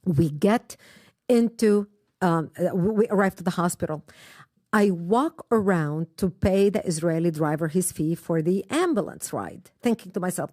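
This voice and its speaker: A woman's voice: on the low side, moderate pace, warm tone, no echo, studio quality. A woman, earnestly telling her personal story as an interview guest. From Lebanon. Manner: earnest, emphatic, retells events in present tense with repeats.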